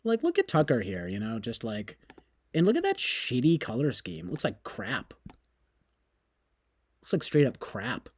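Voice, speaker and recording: A man's voice: medium pitch, wildly swooping pitch, measured pace, pauses often, no echo, clean studio sound. A man streaming, talking casually in a sarcastic, mocking and rambling way.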